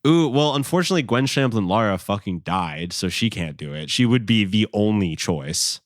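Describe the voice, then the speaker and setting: A man's voice: fairly low pitch, animated, normal speed, no room sound, studio quality. A young man hosting a podcast, chatting casually and rambling with lots of fillers and the odd swear word. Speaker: podcast host.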